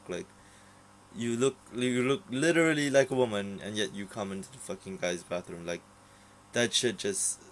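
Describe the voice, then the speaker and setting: A man's voice: fairly low pitch, a little hiss or hum, low-quality recording. A young man ranting casually about a TV series, rambling and swearing, with many fillers and restarts. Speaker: vlogger reviewing a TV series. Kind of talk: casual unscripted rant.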